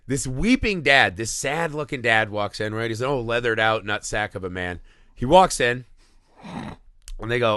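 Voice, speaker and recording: A man co-hosting a casual movie podcast, retelling scenes in a profane, animated way and acting out bits of dialogue. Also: medium pitch, normal speed, no echo, clean studio sound. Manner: animated, profane scene recaps with acted-out voices. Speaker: podcast co-host.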